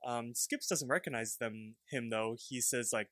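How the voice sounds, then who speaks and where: A man's voice: mid-range voice, normal speed, few pauses, a bit bright, no room sound. A young man co-hosting a podcast, casually recapping a cartoon episode in a rambling way and acting out the characters' lines as he goes. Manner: rambling, acts out characters' lines while retelling. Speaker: podcast co-host.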